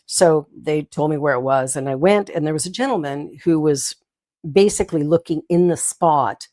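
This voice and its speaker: Older female minister-host, low-pitched, storytelling with laughs and asides. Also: normal speed. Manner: warm storytelling with giggles and asides. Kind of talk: inspirational talk.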